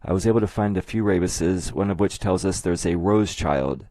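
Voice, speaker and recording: A man narrating a scripted explanatory video in a measured, methodical way. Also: deep voice, mellow, no echo. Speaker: video essayist.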